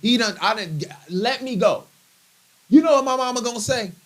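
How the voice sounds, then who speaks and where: A man, a comedian guest, telling a funny story in an animated, chatty way and laughing often. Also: extremely high pitch, normal speed. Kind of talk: comic storytelling in conversation.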